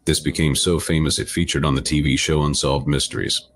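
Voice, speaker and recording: Very deep-voiced male narrator. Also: steady tone, a little fast, dry recording, clean studio sound. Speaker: video narrator. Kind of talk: scripted narration.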